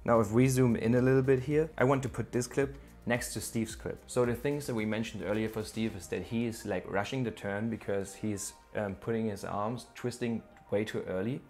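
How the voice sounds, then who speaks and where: A man's voice: fairly low pitch, fairly even intonation, normal speed, few pauses, a little mellow, soft background music. A man teaching surfskate bowl technique in a tutorial, explaining moves step by step and speaking directly to the viewer. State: out of breath. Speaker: surfskate coach. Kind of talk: instructional video tutorial. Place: outdoor skate bowl, then home office.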